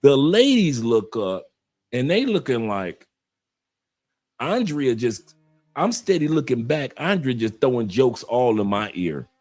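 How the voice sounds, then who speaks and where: A man from Detroit, a guest in a casual live chat, telling stories in an animated way and laughing often. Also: mid-range voice, unhurried, soft background music. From Detroit, USA.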